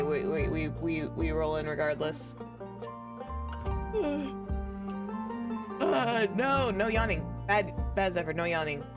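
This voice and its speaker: Young woman, gaming streamer, rambling casual chat, desk mic, faint music behind. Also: fairly low pitch. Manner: rambling, chatty, lots of "like". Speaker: VTuber streamer.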